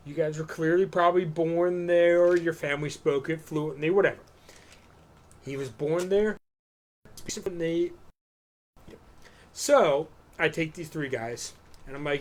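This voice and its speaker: A man's voice: fairly high pitch, moderate pace, pauses often. A man co-hosting a live stream show, telling a rambling story in a casual, profane way. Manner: loose, profane, animated storytelling. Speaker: podcast co-host.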